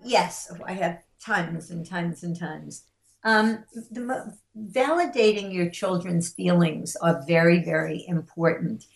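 A woman's voice: on the low side, slow, gravelly, reverberant. A middle-aged woman, a parenting expert guest on a podcast, teaching through stories and acting out the quotes she tells. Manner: animated storyteller acting out quotes.

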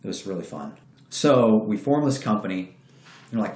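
Brief: a low-voiced man spinning a swearing, lively yarn, roomy echo. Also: moderate pace. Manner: profane, animated, acts out quoted voices. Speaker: guest telling a story. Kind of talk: casual storytelling.

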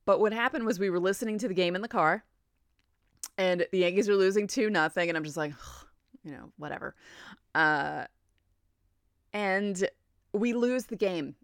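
A woman in her forties, a podcast host telling a story in a chatty, animated way. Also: mid-range voice, moderate pace, pauses often, no room sound. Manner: animated, chatty, laughs often. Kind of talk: casual storytelling.

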